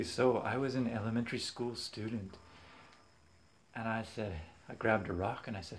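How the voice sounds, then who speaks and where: A young man casually telling funny stories from his childhood, animated and quick to laugh. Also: lowish voice, a little hiss or hum. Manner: animated, acts out voices in quotes, laughs often. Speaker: vlogger. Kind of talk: casual storytelling.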